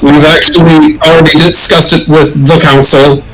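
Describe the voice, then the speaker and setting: A man's voice: a little high, little pitch movement, normal speed, poor audio. A man playing a tabletop game, speaking politely and formally in character. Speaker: player.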